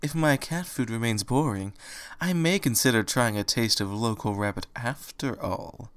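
Man doing a sly, quietly menacing cat. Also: medium pitch, moderate pace, clean tone, close to an everyday voice. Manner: quiet, musing and threatening. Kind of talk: fan audiobook reading.

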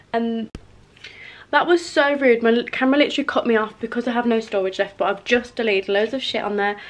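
A young woman, chatting casually to camera in a rambling home vlog. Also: fairly high pitch. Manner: chatty, rambling, drops to a near whisper at times. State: out of breath. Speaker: vlogger. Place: home, indoors.

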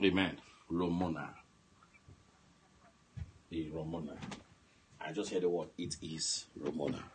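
A man preaching on a prayer line, swinging from soft murmurs to shouted commands and speaking in tongues. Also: rumbling low, steady tone, unhurried, slight background noise. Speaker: pastor. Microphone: phone line broadcast.

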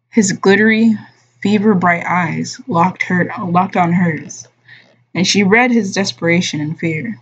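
A woman reads a novel aloud in an unhurried, measured audiobook manner, her voice low and slightly breathy. The stream audio sounds dull and lo-fi, as if picked up by a modest desk microphone at home. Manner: slow, measured reading, softly voicing the dialogue. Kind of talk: unhurried audiobook-style reading.

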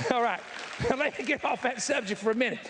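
A man's voice: very high-pitched, normal speed, background noise. A man with a Southern US accent preaching a sermon to a live audience, blunt and folksy, with emphatic asides to the crowd. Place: large church hall with live audience. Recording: echoey hall reverb.

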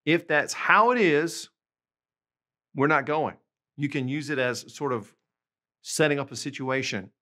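A man teaching a language lesson, patiently explaining examples and slowing down to say the phrases clearly. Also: a little high, bright, forceful tone. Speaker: language tutor.

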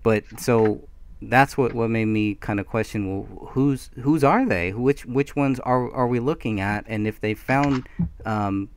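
A man's voice: medium pitch, unhurried, a little hiss or hum. A man hosting a casual live stream discussion, speaking hesitantly and restarting his phrases. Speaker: host.

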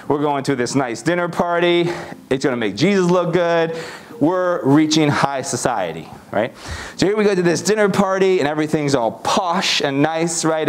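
A man's voice: a little high, natural voice. A man playing the disciple Andrew in a first-person sermon, telling the story in a chatty way with fillers.

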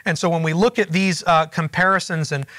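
A man's voice: fairly high pitch, flat delivery, brisk, a bit bright, no echo. A man teaching a group Bible study, explaining verses and asking the room questions in a conversational way.

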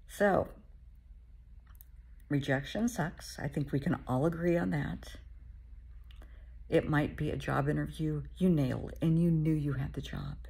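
A low-pitched, deeply gravelly woman speaks as a therapist giving a motivational talk. Her voice is very husky and breathy, often dropping to a half-whisper. She is middle-aged and addresses the listener as honey. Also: mellow.

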